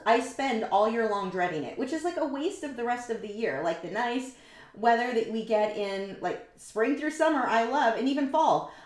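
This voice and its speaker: A woman hosting a live painting demo, chatting in a rambling, self-mocking way with many tangents. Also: on the high side. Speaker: artist hosting a painting livestream. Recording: roomy echo.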